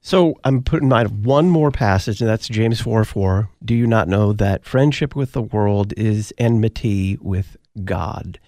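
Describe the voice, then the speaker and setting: Measured male radio host, dry studio sound. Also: on the low side, dark tone, dry recording. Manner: measured, clear announcer delivery. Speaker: radio talk show host. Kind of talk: radio interview and announcements.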